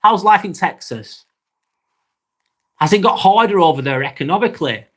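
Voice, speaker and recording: A man with a Lancashire accent hosts a casual live stream and chats easily with his viewers. His voice sits a little higher than most men's. He talks in a loose, unhurried way, swears freely and often stops to restart a sentence. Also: expressive, fairly bright tone. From Northwest England. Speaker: live vlog host.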